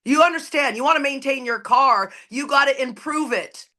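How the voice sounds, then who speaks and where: A woman's voice: high-pitched, normal speed, pushed and bright. A woman speaking at a recovery meeting, giving an impassioned, preachy share with blunt, profane emphasis. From Canada. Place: recorded at an online meeting.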